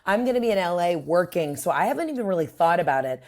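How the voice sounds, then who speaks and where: A woman's voice: fairly low pitch, sing-song, quick pace. A woman comedian as a podcast guest, talking in a brash, crude, storytelling way. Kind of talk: casual chat.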